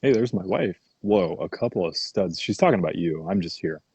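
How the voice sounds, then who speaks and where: Low-voiced, husky young male host. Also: a little fast, a little mellow, no room sound. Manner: laid-back, says "man" and "like" a lot. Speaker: podcast host. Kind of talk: casual chat.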